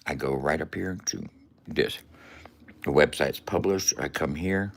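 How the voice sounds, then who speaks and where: A man's voice: a bass voice, unhurried, creaky. A man in casual, profane chat who laughs and coughs between lines and walks the viewer through his screen step by step.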